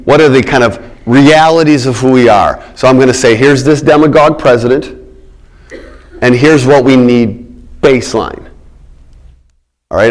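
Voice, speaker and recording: Emphatic middle-aged male lecturer. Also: mid-range voice. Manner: emphatic, repeats key words, checks in with "all right?". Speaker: political science lecturer. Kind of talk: public lecture.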